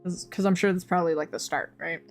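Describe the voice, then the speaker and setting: A woman's voice: lowish voice, steady tone, quick pace, soft background music. A young woman streamer chatting casually, rambling and swearing, often laughing at her own jokes.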